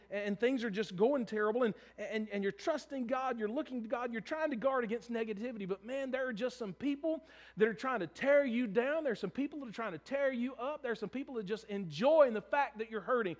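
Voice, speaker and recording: A man's voice: very high-pitched, a little fast. A man preaching a sermon, earnest and conversational, often repeating and restarting words. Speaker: pastor.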